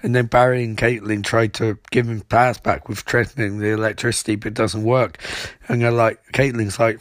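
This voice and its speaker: A young man recapping a TV episode in a mocking, rambling way, tossing off quick impressions of the characters. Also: on the low side, flat delivery, no echo, studio quality. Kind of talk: sarcastic comedic episode recap.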